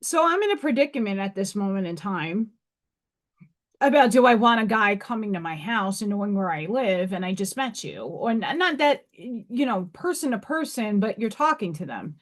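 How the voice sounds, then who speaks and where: A woman's voice: medium pitch, big pitch swings, moderate pace. A woman from New York hosting a casual livestream, talking frankly and emphatically to her viewers. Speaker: livestream host.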